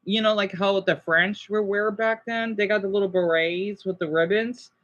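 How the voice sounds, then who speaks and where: Rambling excitable young man chatting. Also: high voice, moderate pace, dull audio. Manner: rambling, excitable, many restarts and exclamations. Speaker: YouTuber. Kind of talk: casual livestream chat answering viewers.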